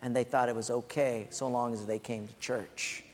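A man preaching a sermon as pastor, earnest and repetitive, dropping soft and low on his key points. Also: little pitch movement, normal speed, slight background noise. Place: church sanctuary. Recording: echoey hall.

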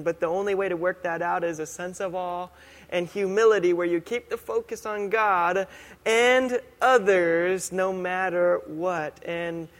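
A man preaching a sermon in a casual, conversational way, slowing down to stress key phrases. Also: sits high, a bit bright. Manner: conversational, casual, with slow, emphatic punchlines. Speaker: pastor. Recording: long hall reverb.

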